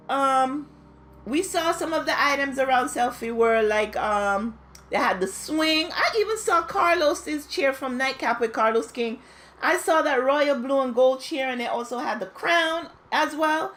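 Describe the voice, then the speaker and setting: A woman giving a casual, chatty recap of a reality show, gossiping and acting out quotes in high squealing voices. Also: animated, a little slow, fairly bright tone. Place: home, New York.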